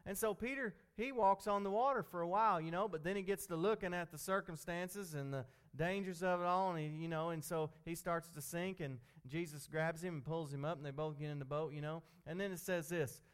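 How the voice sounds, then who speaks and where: A man's voice: fairly high pitch, brisk, hardly any pauses, clean tone. A man preaching an informal, folksy sermon, talking conversationally and repeating himself.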